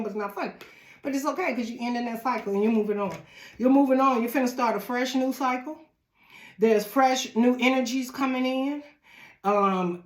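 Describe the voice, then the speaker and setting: A woman giving a casual tarot reading, chatty and laughing often as she talks straight to the viewer. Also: high-pitched. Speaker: tarot reader. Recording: echoey room.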